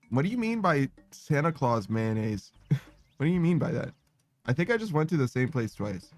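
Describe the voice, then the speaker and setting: A man streaming a game, chatting casually with his viewers, rambling, laughing often and swearing. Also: mid-range voice. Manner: giggly, rambling, self-mocking, swears a lot. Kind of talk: casual live-stream chat while gaming. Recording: dry close mic with faint music behind.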